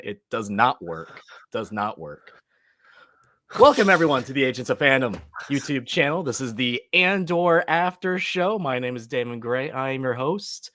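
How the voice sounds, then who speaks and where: A man's voice: medium pitch, normal speed, few pauses, fairly bright tone, no echo, studio quality. A man hosting a casual podcast chat, upbeat and jokey, laughing often. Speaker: host.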